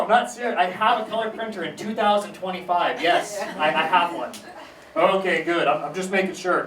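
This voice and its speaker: A young man doing a stand-up comedy set on a small theater stage, talking casually with deadpan asides and acting out his family's voices. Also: fairly high pitch, a little hiss or hum. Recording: echoey room recorded from far off.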